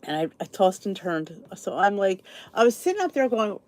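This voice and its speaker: A woman's voice: medium pitch, very animated, moderate pace, a little mellow. A middle-aged woman hosting a casual live podcast, chatty and rambling, greeting viewers by name while sounding tired and sleepy. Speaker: podcast host. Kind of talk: casual live-stream chat.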